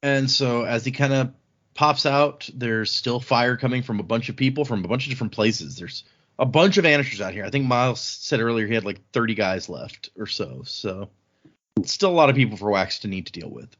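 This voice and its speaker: A man's voice: mid-range voice, brisk, highs cut off. Rambling man retelling a book scene. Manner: rambling, animated retelling with filler words. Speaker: podcast host. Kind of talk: casual book discussion.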